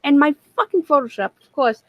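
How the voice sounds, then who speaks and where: A woman's voice: sits high, expressive, a little fast, dry recording, lo-fi sound. A woman in her thirties co-hosting a late-night livestream chat, teasing and swearing freely. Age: 30s. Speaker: co-host.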